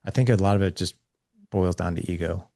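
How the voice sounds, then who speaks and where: Podcast guest, forties, candid storyteller who voices the people he quotes; low, raspy tone. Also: a little fast, dark tone, dry recording, clean studio sound. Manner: earnest, acts out quoted dialogue with his son.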